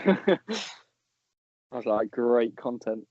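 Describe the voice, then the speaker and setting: A young man with a fairly high voice, telling stories animatedly and mimicking others. The audio is dry and slightly lo-fi. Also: takes it slowly, no room sound. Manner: animated storyteller, quotes people in put-on voices, laughs. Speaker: podcast co-host. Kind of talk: casual chat.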